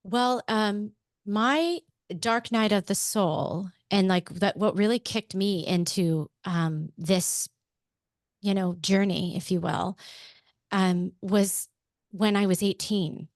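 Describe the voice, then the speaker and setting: A woman from Pennsylvania, in her thirties, telling her own story as a podcast guest. Her delivery is animated and candid, with a mid-pitched voice recorded very dry and close. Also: slow, no echo. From Pennsylvania, USA. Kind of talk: casual interview storytelling.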